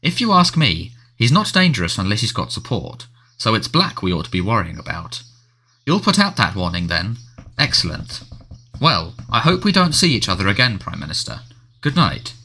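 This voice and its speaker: A man voicing a flustered middle-aged male wizard official who talks in a brisk, dismissive way. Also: on the low side, big pitch swings, pushed and bright, slight background noise, exaggerated voice. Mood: brisk, fussy.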